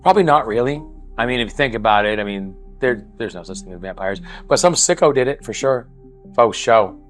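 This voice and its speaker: A man's voice: mid-range voice, lively intonation, brisk, soft background music. Wisecracking man co-hosting a podcast. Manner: wisecracking, teasing, offhand asides. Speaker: podcast co-host. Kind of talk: casual joking chat.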